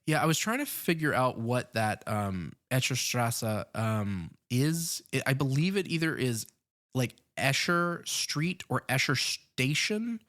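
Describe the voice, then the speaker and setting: An American man talks casually as a podcast co-host, working through his ideas about a film. He hedges as he goes and fills his pauses with ums. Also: medium pitch, lively intonation, fairly bright tone. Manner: thoughtful, hedging, many ums.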